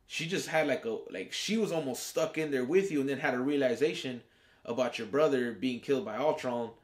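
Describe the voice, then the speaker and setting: A man's voice: medium pitch, a little fast. Slangy, profane male TV reviewer. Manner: slangy and profane, acting out characters' reactions. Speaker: reviewer and show host. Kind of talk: casual TV episode review.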